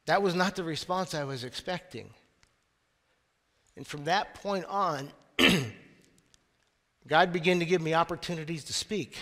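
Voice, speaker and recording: Male pastor, high voice, talky sermon delivery, church reverb. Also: unhurried, pauses often, sharp tone. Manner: conversational preaching with asides. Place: church sanctuary.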